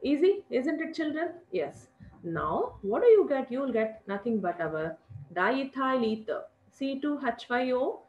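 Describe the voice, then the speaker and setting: A woman's voice: high-pitched, big pitch swings, a little slow, darkish tone. A middle-aged woman with an Indian English accent teaching a chemistry lesson, repeating key points and calling her students children. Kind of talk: classroom lecture. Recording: echoey lo-fi room recording.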